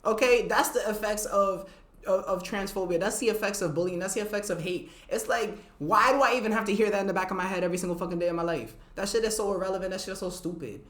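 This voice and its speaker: A woman's voice: medium pitch, fast. A woman hosting her own podcast in a casual, profane, blunt monologue, dropping Spanish phrases between English lines. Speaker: podcast host. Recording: roomy echoey room.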